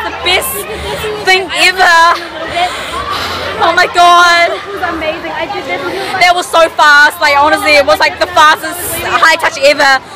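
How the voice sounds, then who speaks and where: Woman, excited fan vlogger, losing her voice, breathless gushing, outdoor street noise. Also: very high-pitched.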